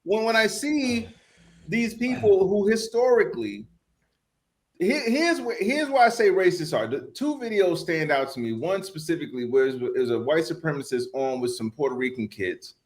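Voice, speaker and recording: A man's voice: on the high side, animated, moderate pace. A man with a Texan accent, co-hosting a comedy podcast, telling stories with lots of profanity and stammered restarts. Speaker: podcast co-host. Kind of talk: casual comedic political chat.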